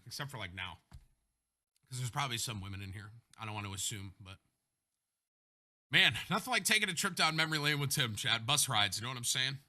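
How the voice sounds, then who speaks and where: Bright, animated young male streamer. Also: mid-range voice. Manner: rambling, self-interrupting, animated. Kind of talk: casual storytelling to a live chat.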